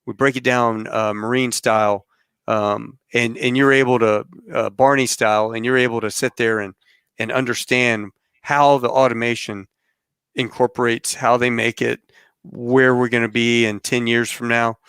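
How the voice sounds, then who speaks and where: A male podcast host signing off his guests and telling a rambling, animated travel story. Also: medium pitch, moderate pace, smooth, no echo, studio quality. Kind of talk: casual interview sign-off and storytelling.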